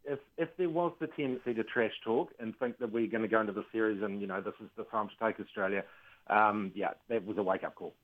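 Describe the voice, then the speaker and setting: A man joining sports chat by phone, quick and agreeable. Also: lowish voice. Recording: tinny phone line.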